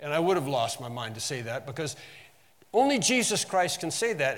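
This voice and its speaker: A pastor giving an earnest teaching sermon. He slows down to stress key phrases and drops lower and quieter for asides. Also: very animated. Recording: long hall reverb.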